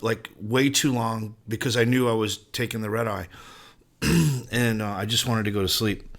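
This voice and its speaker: A male podcast host with a bright, forceful voice tells a casual story. He rambles and swears freely, and his delivery stays lively and unscripted. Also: fairly low pitch. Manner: profane, rambling, animated storyteller.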